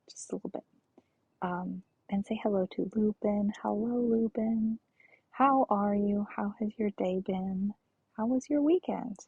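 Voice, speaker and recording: A young woman game streamer chatting casually and excitedly, gushing greetings to her viewers with a breathy voice. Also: medium pitch, dry recording, poor audio. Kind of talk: casual live-stream chat.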